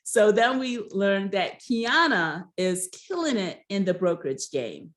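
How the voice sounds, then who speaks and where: A woman's voice: mid-range voice, sing-song, measured pace. A young woman casually recapping a reality show episode, chatty and hesitant, with frequent ums and restarts. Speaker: recap host.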